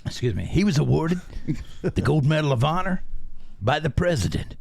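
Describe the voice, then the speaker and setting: A man's voice: fairly high pitch, sing-song, normal speed, vocal fry, darkish tone, exaggerated voice. A man doing a folksy cowboy voice to read out a comic mock history, drawling and laughing through his lines. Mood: mock-solemn. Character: folksy male cowboy storyteller.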